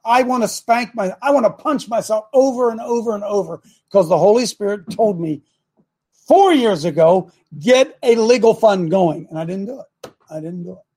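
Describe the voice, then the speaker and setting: A man's voice: high-pitched, normal speed, a little mellow. A middle-aged man hosting a call-in talk show, preaching and scolding his listeners in a combative way.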